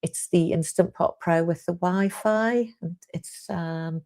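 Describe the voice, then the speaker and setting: Low-pitched British woman hosting a relaxed live Q&A, rambling and friendly in tone. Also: slow. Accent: British English. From United Kingdom. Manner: chatty and rambling, with frequent ums and restarts. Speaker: host of a live Q&A stream. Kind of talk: casual live-stream chat, reading viewer comments.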